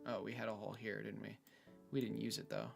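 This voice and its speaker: A man thinking out loud in a casual screen-recorded build log, hesitant with many fillers and restarts, from his room at home. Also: fairly low pitch, level tone, quick pace, gravelly, faint music behind. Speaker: hobbyist robot builder. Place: bedroom at home.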